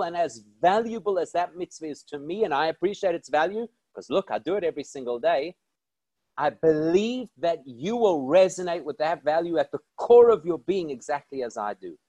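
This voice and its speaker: A man speaking as a rabbi, telling stories in an animated, emphatic way and asking rhetorical questions. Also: on the high side, moderate pace, dry recording. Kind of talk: inspirational storytelling talk.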